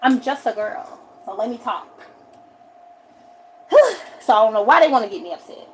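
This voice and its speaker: Animated woman telling a story. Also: moderate pace, breathy edge, low-quality recording. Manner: animated, acts out quotes with sharp pitch jumps. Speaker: livestreamer. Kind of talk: casual storytime rant.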